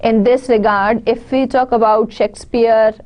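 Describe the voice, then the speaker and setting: A woman's voice: a little high, fairly even intonation, moderate pace, a little mellow. A woman with a Pakistani English accent giving an online lecture, explaining step by step and restating her points. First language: Urdu.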